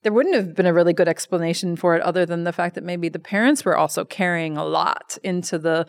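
A woman with a slightly low voice speaks as an interview guest. She tells stories with animation and pads her thoughts with frequent fillers. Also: fairly even intonation, quick pace. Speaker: guest, somatic educator. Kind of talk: conversational interview.

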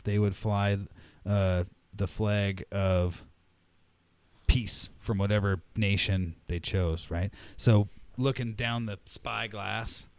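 A man's voice: lowish voice, fairly even intonation, slow pace, no room sound. A man co-hosting a casual podcast chat with a Pacific Northwest American accent, reading facts from a list and swearing freely. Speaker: podcast co-host.

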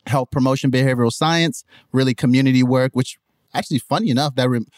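A young adult man from Nigeria with a Nigerian accent, telling his life story in a lively, conversational way as a podcast guest. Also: quick pace, no room sound, clean studio sound. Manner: animated, jumps into high mimicking voices when quoting others.

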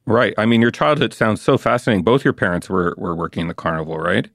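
Male host, low voice, dry sound, friendly, admiring questions. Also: animated, fast, a bit bright, no room sound. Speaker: podcast host. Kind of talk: casual interview chat.

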